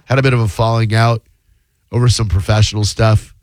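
Low, dry-sounding male radio host; deadpan, wisecracking call-taker. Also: a little fast, no echo. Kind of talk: casual radio chat.

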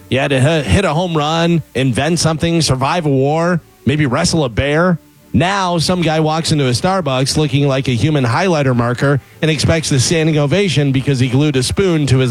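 A man with a fairly high voice reads a scripted comedy rant and sounds exasperated. His delivery is sarcastic. Faint music plays behind him. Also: poor audio. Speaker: comedy segment presenter.

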